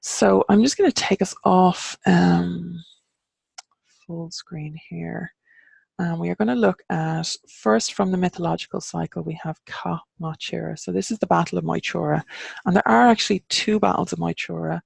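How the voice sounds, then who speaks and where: An Irish woman teaching an online class, explaining carefully and pausing over how words are pronounced. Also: on the low side, gravelly, breathy edge, no echo. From Ireland.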